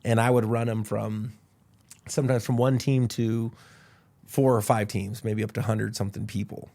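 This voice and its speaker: A man's voice: lowish voice, moderate pace, creaky. A man from Idaho, a podcast guest, telling stories casually and acting out what people said. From Idaho, USA. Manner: animated storyteller, acts out quotes.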